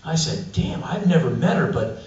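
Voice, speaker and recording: A man telling profane, animated stories at a live spoken-word show, recorded from a distance in an echoey, dull-sounding venue. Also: mid-range voice, normal speed. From United States. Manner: animated, profane, acts out quotes. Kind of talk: live comic storytelling.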